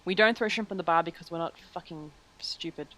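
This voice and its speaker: A woman's voice: on the low side, brisk, a bit bright, low-quality recording. A young Australian woman with an Australian accent, chatting as an interviewee, joking, swearing freely and laughing often. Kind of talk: casual chat.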